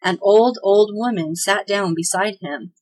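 A woman hosting a children's podcast, reading a storybook chapter aloud in a gentle, expressive way. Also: mid-range voice, a little slow, low-quality recording. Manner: gentle, expressive read-aloud with voiced characters.

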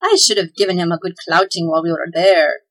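Woman doing a brash little male elf for a storybook, blustering, breathy edge. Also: lowish voice, steady tone, fairly quick, a bit bright, poor audio. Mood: boastful. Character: boastful hot-headed male elf.

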